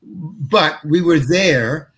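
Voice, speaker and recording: An older male actor spins stories in an interview, breaking off and starting over as he chuckles through them. His voice is husky and sits a little high for a man. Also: extremely slow, fairly bright tone. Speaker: actor guest. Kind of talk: anecdotal interview storytelling.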